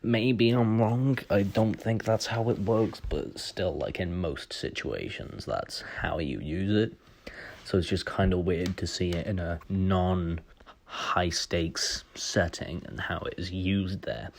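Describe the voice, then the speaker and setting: A man's voice: deep voice, slow, vocal fry. A young man casually recapping a video game, joking and swearing as he rambles along. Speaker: gaming YouTuber.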